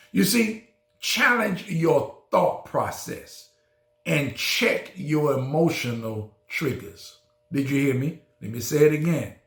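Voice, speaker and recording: A male pastor delivers a sermon in a deliberate, emphatic way, repeating his key lines for weight. His voice sits a little high and he speaks very slowly. The recording carries a noticeable room echo. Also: fairly bright tone.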